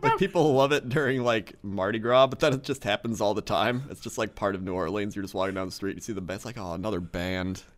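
A man's voice: lowish voice, quick pace, hardly any pauses. A man co-hosting a casual podcast, reading a ranked list aloud and joking, often laughing and slipping into goofy voices. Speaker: podcast co-host.

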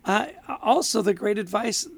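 A man co-hosting a podcast in casual chat, upbeat and quick to laugh. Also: sits high, gravelly, slightly rough. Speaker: podcast co-host.

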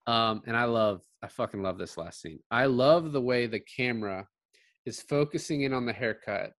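A man's voice: mid-range voice, moderate pace. A man casually talking through a film's scenes with a co-host, swearing and enthusiastic. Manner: swearing, excited retelling of scenes. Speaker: podcast co-host. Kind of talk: casual movie discussion.

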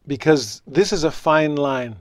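A middle-aged man preaching a sermon in an earnest, conversational way, telling stories and letting his voice drop softly at the ends of phrases. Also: on the high side, unhurried, dry recording, clean studio sound. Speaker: preacher and religious teacher. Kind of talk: sermon with storytelling.

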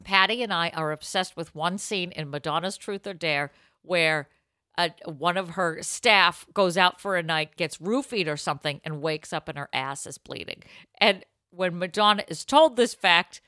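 A woman co-hosting a casual podcast, reading advice letters aloud and telling stories with animated, laugh-filled delivery. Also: lowish voice, moderate pace, no echo, studio quality. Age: adult. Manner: animated, bursts into laughter and acted-out quotes. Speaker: podcast co-host.

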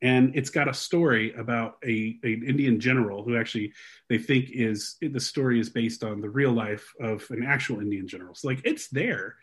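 A young man hosting a casual podcast, walking his co-host through research in an animated, rambling way full of fillers. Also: medium pitch, moderate pace, slightly rough. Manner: animated storyteller, frequent fillers and restarts.

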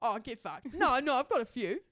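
A young woman in her twenties, co-hosting a casual podcast and telling excitable stories while laughing often. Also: fairly high pitch, brisk, dry recording. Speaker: podcast co-host. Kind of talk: casual chat.

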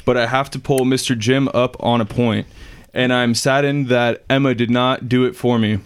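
A man co-hosting a podcast, reading a listener's email aloud in a dry, even way. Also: medium pitch, normal speed, smooth.

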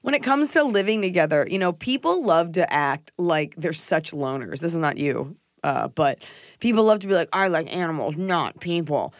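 A woman's voice: fairly low pitch, very animated, moderate pace, dry recording, clean studio sound. A woman hosting a comedic podcast, chatting in a playful, jokey, rambling way. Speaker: podcast host. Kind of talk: casual comedic podcast chat.

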